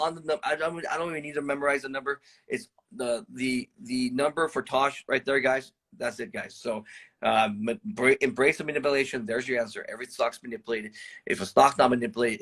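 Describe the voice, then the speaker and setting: A man's voice: medium pitch, fairly bright tone, breathy edge. A man hosting a live stream about trading stocks, talking loosely to viewers, rambling, swearing and calling them "guys".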